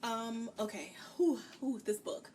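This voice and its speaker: A woman's voice: on the high side, warm tone. Ranting woman book reviewer, mic off at a distance. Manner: candid, ranting, acts out characters' lines in quick bits. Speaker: book review podcast co-host. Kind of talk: casual chat. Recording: distant mic with faint background noise.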